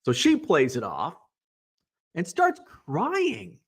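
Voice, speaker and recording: A man's voice: high voice, huge pitch swings, slow pace, creaky, slightly rough. A man in his forties, a hobby show host, telling a rambling, self-mocking story in casual chat and swearing now and then. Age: 40s.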